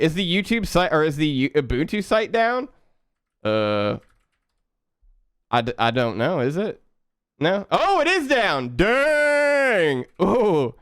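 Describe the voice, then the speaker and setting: A young man chatting casually with his viewers while coding on a live stream, relaxed and quick to laugh. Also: a little high, smooth, no room sound, studio quality. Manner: laid-back, chatty, laughs often, talks to chat.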